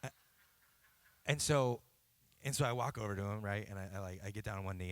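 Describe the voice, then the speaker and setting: In a dry recording, a thirty-something pastor delivers a sermon at church with a lowish voice, speaking a little fast but leaving long pauses. His style is chatty storytelling, punctuated again and again by "right?" asides.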